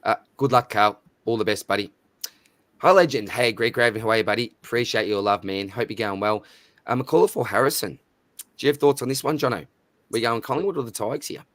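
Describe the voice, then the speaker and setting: A man's voice: medium pitch, fast talker, a bit bright, no room sound. A man with an Australian accent hosting a live stream in casual chat, matey and chatty as he reads out viewer names. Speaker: livestream host.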